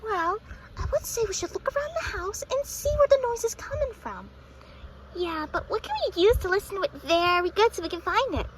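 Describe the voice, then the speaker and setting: A woman's voice: very high voice, very animated, brisk, a bit bright, slight background noise, full character voice. A woman voicing a cheerful anime schoolgirl at a sleepover in a plush toy video, chirpy and sometimes whiny.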